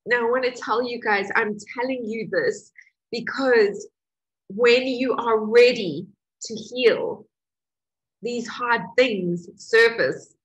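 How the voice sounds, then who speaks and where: Middle-aged woman, slightly high husky voice, emotional storytelling talk, gets animated. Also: slow, muffled recording. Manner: emotional, animated retelling with laughs. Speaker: healing course teacher.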